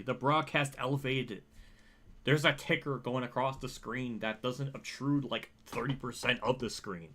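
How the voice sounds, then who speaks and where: Man, bright voice, emotional rambling stream commentary, swears freely. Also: mid-range voice. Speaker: racing game streamer.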